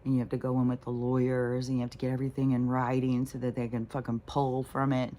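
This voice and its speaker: A woman's voice: a bass voice, flat delivery, fast, dark tone. A middle-aged woman talking casually and bluntly, rambling with lots of fillers and swearing. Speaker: spiritual vlogger.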